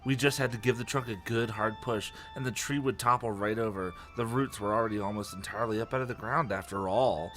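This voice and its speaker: A man reading a book aloud on a podcast, laughing often and dropping low for the lines of dialogue. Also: brisk, hardly any pauses, a bit bright, soft background music. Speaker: podcast host. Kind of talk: casual reading aloud with jokes.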